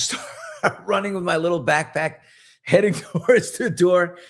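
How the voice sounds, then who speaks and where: Speaking in a high voice at a moderate pace, this middle-aged man hosts a podcast and spins a story in relaxed conversation. He's lively about it, performing the characters' voices himself.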